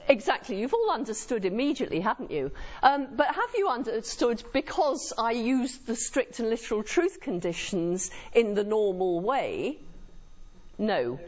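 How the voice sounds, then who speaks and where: A woman's voice: fairly high pitch, very animated, moderate pace, a little mellow. A woman lecturer giving a university lecture to a live audience in a lecture room, engaging them with frequent tag questions. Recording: muffled lo-fi lecture recording.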